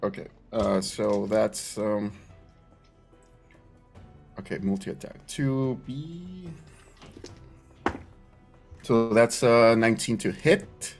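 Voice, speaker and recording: A man playing a tabletop game talks through his character's moves at a slow, unhurried pace. He is excitable and quick to swear. Faint music plays behind him. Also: lowish voice, creaky. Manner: excitable, swearing, gets emotional. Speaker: player. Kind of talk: tabletop game play, describing actions.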